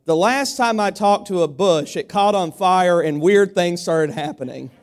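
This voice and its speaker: A man voicing an unbothered old prophet who speaks slowly and deadpan. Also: high voice, pitched above the performer's own voice. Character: unbothered old biblical prophet, dry wit.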